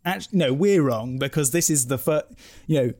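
A man's voice: a little high, normal speed, a little mellow. Rambling male podcast co-host. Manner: rambling, many restarts and self-corrections. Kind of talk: casual chat.

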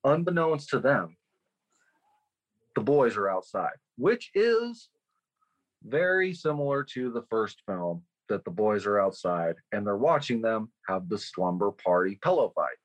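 A man from California co-hosting a podcast, recapping a film's plot in animated, profane storytelling. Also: on the low side, measured pace, poor audio. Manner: animated storytelling, swears often. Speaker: podcast co-host. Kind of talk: casual chat recapping a film.

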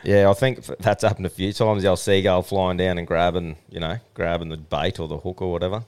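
A man's voice: low voice, level tone, fairly quick, darkish tone, clean tone. A man with an Australian accent co-hosting a podcast, telling crude, laid-back yarns in casual banter. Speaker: podcast co-host.

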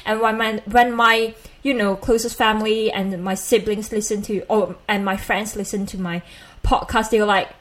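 A woman's voice: mid-range voice, steady tone, moderate pace, hardly any pauses, a bit bright, poor audio. A woman from Malaysia with a Malaysian accent, co-hosting a casual podcast chat in a rambling way with lots of fillers. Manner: giggly, rambling, many fillers. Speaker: podcast co-host.

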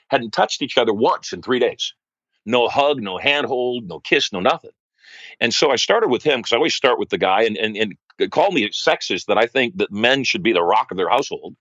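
A middle-aged man, a wealth coach, answering interview questions as an animated storyteller who acts out the people he quotes. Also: mid-range voice, fairly quick, dry recording. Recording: dry, slightly dull podcast audio.

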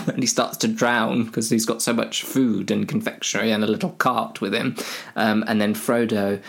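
A man's voice: fairly low pitch, steady tone, moderate pace, vocal fry, a little hiss or hum. Rambling man retelling a story. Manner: rambling, self-mocking, full of fillers. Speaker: comedic storyteller. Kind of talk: rambling comic plot retelling.

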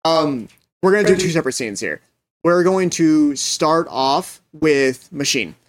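A man running a tabletop game as game master, narrating scenes and calling for rolls in a relaxed way. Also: on the high side, a little slow, rough recording.

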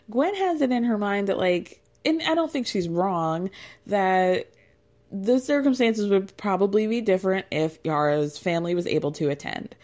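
A woman's voice: medium pitch, lively intonation, normal speed, a little mellow. A woman recapping a reality show in a casual, gossipy, chatty way, laughing often.

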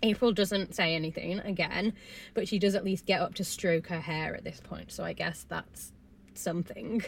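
A woman's voice: fairly low pitch, steady tone, normal speed, creaky, a little hiss or hum. Chatty woman giving opinionated commentary. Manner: chatty and opinionated, reacting with feeling. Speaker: vlogger recapping a reality TV episode. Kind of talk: casual recap commentary.

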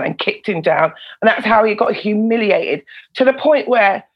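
A woman, a former prison officer and comedian, telling stories in a casual interview, animated and swearing freely. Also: medium pitch, slightly rough, lo-fi sound. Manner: animated, swears freely, laughs between lines. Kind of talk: casual storytelling in a podcast interview.

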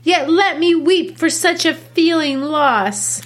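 A woman reading the part of a grieving, guarded young noblewoman, giving the verse an expressive, heightened delivery. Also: high voice, slow pace, voice pushed up. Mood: anguished. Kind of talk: classroom read-aloud of a play.

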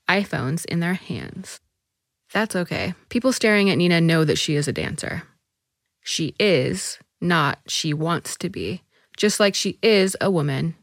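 A woman reading a short story aloud as narrator, measured and even. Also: on the low side, dry recording, studio quality.

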